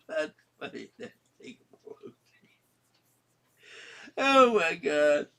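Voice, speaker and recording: A man's voice: on the high side, big pitch swings, drawn-out words, creaky, sharp tone. A man giving a rambling home vlog monologue, ranting and often laughing. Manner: ranting, frequently breaking into laughter. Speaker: vlogger. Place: at home indoors.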